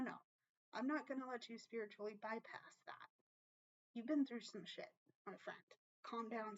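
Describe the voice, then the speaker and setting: A fairly high-voiced woman talks through a tarot reading, earnest and open with her feelings. She keeps checking in with "okay?" and swears without fuss. The recording sounds dull and lo-fi. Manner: earnest, emotional, repeats "okay?", swears casually. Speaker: tarot reader. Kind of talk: casual tarot reading to viewers.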